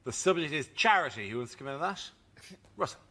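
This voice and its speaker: A man hosting a panel show, briskly announcing topics and calling on the panelists. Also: a little high, lively intonation. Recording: loud audience and noise, heard from off the main mic.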